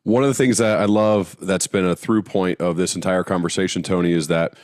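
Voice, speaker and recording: Male interviewer, very deep voice, dry sound, measured and admiring. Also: steady tone, darkish tone, dry recording. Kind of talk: interview conversation.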